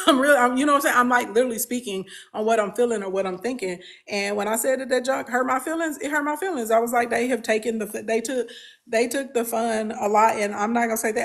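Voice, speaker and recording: A woman, a business coach talking bluntly and emphatically to her followers, often repeating phrases. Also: medium pitch. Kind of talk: candid talk to followers.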